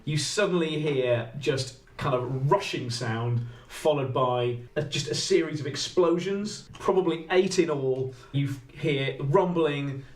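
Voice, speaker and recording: A man narrating as game master of a tabletop game, chatty and laughing between lines. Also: mid-range voice. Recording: roomy echo, faint noise.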